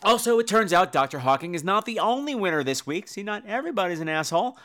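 A man's voice: high voice, sing-song, fast, fairly bright tone. A man hosting a comedy podcast, ranting in a campy, profane way and acting out the people he quotes. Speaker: podcast host. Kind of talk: comedic rant.

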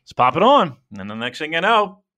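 Profane, animated man in casual chat. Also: on the high side, a little fast. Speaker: podcast co-host. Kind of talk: casual podcast chat about wrestling.

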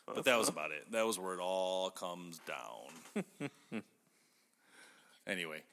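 A man hosting a podcast in casual chat, telling stories in an animated way. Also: sits low, a little slow, long reverb tail. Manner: animated storytelling with laughs. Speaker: podcast host.

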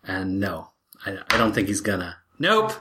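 A player in a tabletop role-playing game who talks in an animated, chatty way and reacts quickly to the action. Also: low-pitched, background noise.

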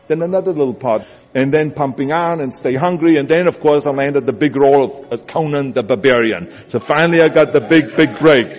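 A man's voice: on the high side, a little mellow. A man with a German accent giving an emphatic motivational speech, building his points through repetition. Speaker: motivational speaker. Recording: echoey hall, dull sound, music behind.

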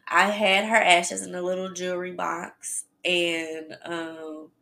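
Woman podcaster telling a story, gravelly edge, bright tone, chatty, talks to y'all. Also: lowish voice, slow. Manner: chatty, animated storytelling addressing listeners as y'all. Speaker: podcast host. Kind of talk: casual storytelling.

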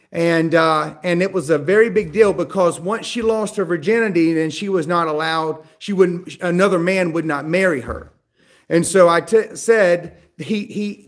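A man with a high-pitched voice preaches a sermon, walking through a Bible story step by step. He talks to the congregation in a conversational, storytelling way and checks in with them as he goes.

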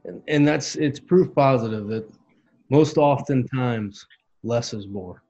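Guy in his 30s telling a heartfelt story, earnest, acts out the quotes, mid pitch. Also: slow, mellow, muffled recording. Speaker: podcast guest. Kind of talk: storytelling in casual conversation.

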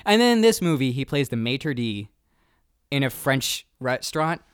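A young man in his twenties hosting a casual movie podcast, talking quickly and animatedly and swearing freely. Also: medium pitch, big pitch swings, clear, resonant tone, no echo, studio quality. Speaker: podcast host.

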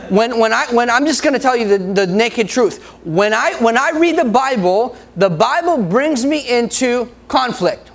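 Male preacher, very high voice, a gravelly edge, laughs a lot, playful with the congregation. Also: expressive, normal speed, hardly any pauses. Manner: laughs often, jokes with the congregation. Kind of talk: sermon.

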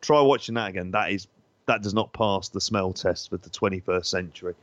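A man's voice: low voice, a bit bright, dry recording, lo-fi sound. A man with a London accent co-hosting a casual chat, jokey and rambling. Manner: jokey, rambling, quick asides. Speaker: podcast co-host.

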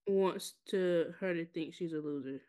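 A young adult woman co-hosting a podcast, chiming in with quick, playful remarks during a casual recap chat. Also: fairly low pitch, dark tone, clean tone. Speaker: podcast co-host.

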